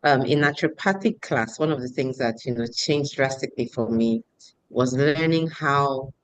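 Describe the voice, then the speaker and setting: A woman panelist answering a question in a measured, explanatory way. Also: rumbling low, low-quality recording.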